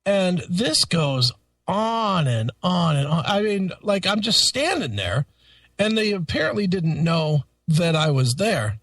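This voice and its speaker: Animated high-voiced swearing man. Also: unhurried, no room sound, recorded from a distance. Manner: animated, swears constantly, laughs through stories. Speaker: radio co-host. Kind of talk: profane casual storytelling.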